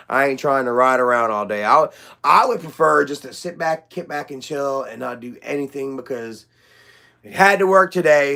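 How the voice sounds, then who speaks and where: A man's voice: mid-range voice, sharp tone, clear, resonant tone. A young man hosting a casual livestream chat, rambling, loose and profane, with lots of fillers. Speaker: livestream host.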